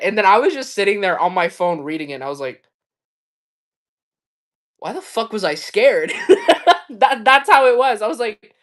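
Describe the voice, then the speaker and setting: A woman's voice: medium pitch, animated, normal speed, a bit bright. A woman hosting a livestream, chatting casually and candidly, swearing and laughing often as she tells stories. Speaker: livestream host.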